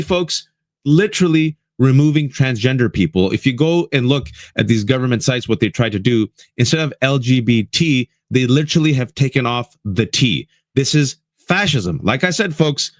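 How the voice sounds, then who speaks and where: A man's voice: medium pitch, no room sound, clean studio sound. A man hosting a political commentary show, talking with passion and often calling his listeners "folks". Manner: impassioned, addresses listeners as folks. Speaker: host.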